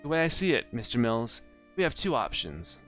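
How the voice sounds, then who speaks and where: A man's voice: mid-range voice, very animated, normal speed, a bit bright, faint music behind. A man voicing a scheming married woman client in a noir story game, pleading and then seductive.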